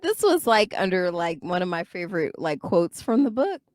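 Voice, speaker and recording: A woman co-hosting a podcast, chatting casually about a book, laughing often and acting out lines with animated voices. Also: fairly low pitch, normal speed, no echo, studio quality. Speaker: podcast co-host. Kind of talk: casual book club chat.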